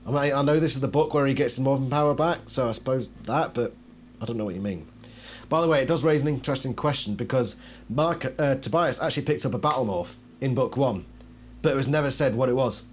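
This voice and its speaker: A man hosts a casual video, reading card texts aloud in a mid-range voice. He keeps breaking in with wry, doubtful asides that drop into quiet mutters. A faint hum sits under the recording. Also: medium pitch, quick pace. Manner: wry, skeptical asides between read-out passages; laughs and trails off into quiet mutters. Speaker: channel host reviewing collectible cards.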